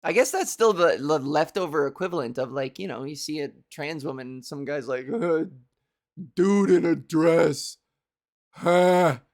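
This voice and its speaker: A woman in her thirties hosting a comedy show, rambling through a loose, profane monologue, laughing at her own jokes and putting on quick silly voices. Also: sits low, expressive. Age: 30s. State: hungover. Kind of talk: loose stand-up style monologue.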